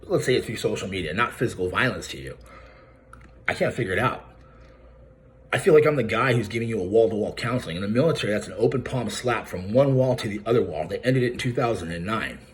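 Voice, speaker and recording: A man's voice: fairly low pitch, animated, fast talker, slight background noise. A man ranting straight to camera in a profane, confrontational, mocking way, calling out someone by name. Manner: addresses the target directly by name. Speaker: YouTuber calling out a credit repair business. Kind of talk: angry direct-to-camera vlog rant.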